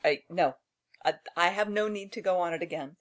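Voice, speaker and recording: A woman's voice: on the low side, fairly quick. A woman chatting as a podcast guest, emphatic and dryly funny. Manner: emphatic, dry humor. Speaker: podcast guest, host's younger sister. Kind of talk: casual chat.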